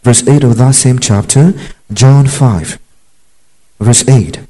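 A man's voice: mid-range voice, slow pace, mellow, rough recording. A man preaching a Bible teaching, emphatic and repetitive, checking in with his listeners. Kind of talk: sermon-style Bible teaching.

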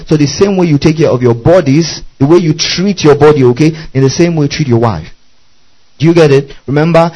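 A male preacher teaching from scripture in a mellow, relaxed voice. He spells out Greek words letter by letter and keeps checking that his listeners follow. The recording sounds a little dull and muffled. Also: mid-range voice. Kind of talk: Bible teaching sermon.

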